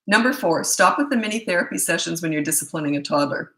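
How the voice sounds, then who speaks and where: A middle-aged woman gives parenting advice in a blunt, brisk, opinionated way. Her voice is gravelly, bright and fairly low, and it echoes in a roomy space. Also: expressive. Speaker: parenting coach. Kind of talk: casual Q&A talk to camera.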